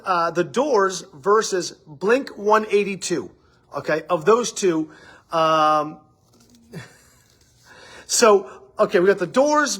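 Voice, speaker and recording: In a studio office with a window, the daily livestream host is still winded from a run as he chats and rambles, cursing casually. His voice is high, a bit bright, and breathy at the edges.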